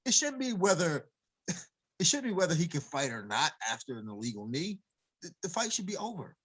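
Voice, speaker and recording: A man with a fairly high voice that swings up and down as he gets fired up, talking as an MMA coach guesting on a podcast. He argues with heat and emphasis and breaks into laughter. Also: very animated, moderate pace, a bit bright, husky. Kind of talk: casual podcast chat.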